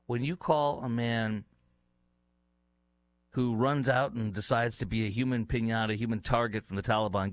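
A man's voice: mid-range voice, dry recording. A man hosting a talk show, giving heated, indignant political commentary with many fillers and restarts. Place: studio in Dallas.

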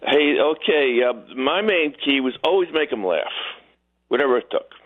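Animated male caller on a phone line. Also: fairly high pitch, moderate pace. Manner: animated joke-telling, acts out quotes in voices. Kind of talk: storytelling on a call-in show. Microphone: telephone.

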